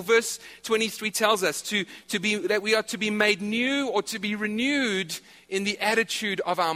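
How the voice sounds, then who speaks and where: A male pastor preaching a sermon, animated, repeating his key phrases. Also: high-pitched, long reverb tail. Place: church hall.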